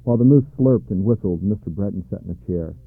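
Male storybook narrator, calm and measured, lowish voice, dry thin phone-like sound. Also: gravelly, husky, no room sound. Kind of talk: storybook reading. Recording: dry tinny narrow-band sound.

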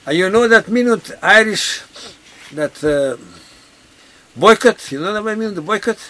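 A man's voice: high voice, expressive, unhurried, sharp tone. An older man from Yugoslavia with a Yugoslavian accent, speaking broken English and often repeating "you see" in an oral history interview. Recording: 1970s tape with background noise.

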